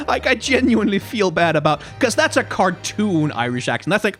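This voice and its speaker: A man hosting a gaming video talks casually to his viewers, rambling and self-deprecating. His voice is lively, with wide swings in pitch. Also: moderate pace, no room sound, soft background music. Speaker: let's play host. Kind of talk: casual commentary.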